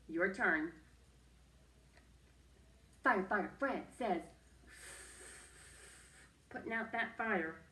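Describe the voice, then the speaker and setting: With a bright, forceful, medium-pitched voice, a woman teaches an early-reading phonics lesson to young children, patiently sing-song and urging them to repeat after her. She's far from the mic, and the audio is reverberant.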